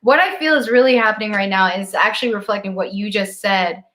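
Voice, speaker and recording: Woman, casual live-stream chat, animated, laughs at herself, mid-pitched voice, video call audio. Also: brisk. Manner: animated storyteller, acts out her own frustration. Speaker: co-host of a spiritual live stream.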